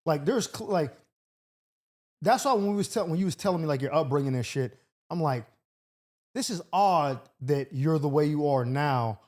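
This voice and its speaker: A young man with a somewhat high voice chats loosely on a podcast. He rambles, circling back and restarting his thoughts. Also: lively intonation, moderate pace, a little mellow. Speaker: podcast host. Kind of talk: casual podcast chat.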